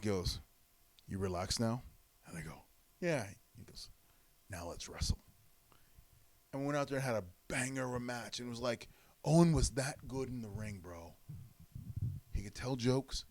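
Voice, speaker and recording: A former wrestler, a man, telling lively stories in an interview and acting out the quotes. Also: medium pitch. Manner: animated storyteller, acts out quotes. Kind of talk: storytelling interview.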